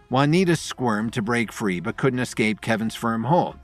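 A man narrating a dramatic story in an expressive storytelling voice. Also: mid-range voice, moderate pace, hardly any pauses, soft background music.

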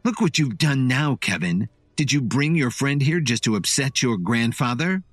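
A man's voice: medium pitch, wildly swooping pitch, moderate pace, fairly bright tone, no echo, pitched above the performer's own voice. A man doing a bossy, snarling woman. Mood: scolding. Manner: snarling, scolding. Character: bossy hostile middle-aged woman.

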